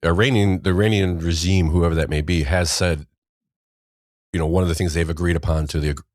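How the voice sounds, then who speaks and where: A man's voice: deep voice, fairly even intonation, fairly quick, a little mellow, no echo, clean studio sound. A man hosting a casual news podcast, rambling and wry, often trailing off mid-sentence. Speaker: podcast host.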